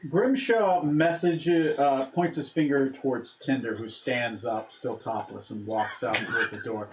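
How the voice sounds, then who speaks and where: A man's voice: medium pitch, measured pace. A man narrating a tabletop role-playing game as game master, rambling with frequent fillers. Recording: echoey room with noise.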